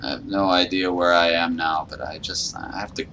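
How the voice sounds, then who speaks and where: A man's voice: deep voice, fairly even intonation, moderate pace, pushed and bright, slight background noise. A man giving nervous, panicky running commentary while playing a horror game. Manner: nervous, panicky self-talk. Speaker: gaming YouTuber.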